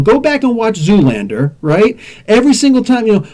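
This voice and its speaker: Podcast guy in his 40s ranting casual, kinda high voice, mellow, laughs a lot. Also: moderate pace. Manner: rambling and animated, with frequent laughs and mild swearing. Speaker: podcast host. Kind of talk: casual rant.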